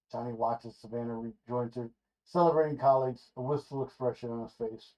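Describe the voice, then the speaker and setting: A man reading a rough draft screenplay aloud in a loose, ad-libbing way, correcting himself with casual asides, in a dull lo-fi recording. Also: mid-range voice, steady tone, fairly quick, darkish tone. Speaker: screenplay reader.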